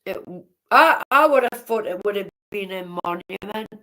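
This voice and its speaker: A woman's voice: mid-range voice, expressive, normal speed, a bit bright, poor audio. A woman chatting casually on a livestream, blunt and swearing freely as she greets viewers by name. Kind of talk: casual live-stream chat with viewers.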